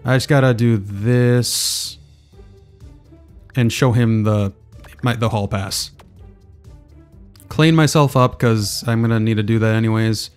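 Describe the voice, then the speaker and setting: A man's voice: fairly low pitch, slow pace, long pauses, smooth, soft background music. A man giving casual let's play commentary, muttering as he thinks aloud. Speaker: gaming video creator.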